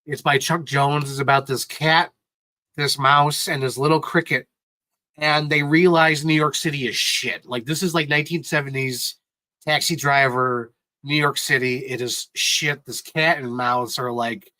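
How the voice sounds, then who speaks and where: Bright-voiced man rambling on a live stream. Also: medium pitch, unhurried, no room sound, rough recording. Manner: rambling, excitable movie recaps; sentimental, gets choked up. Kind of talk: casual live-stream chat.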